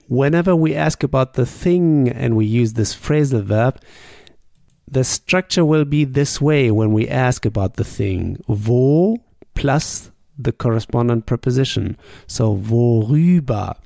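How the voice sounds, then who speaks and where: A man, a native German speaker, teaching a language lesson with patient drills and sample sentences spoken slowly. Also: medium pitch, vocal fry, mellow, no room sound, clean studio sound.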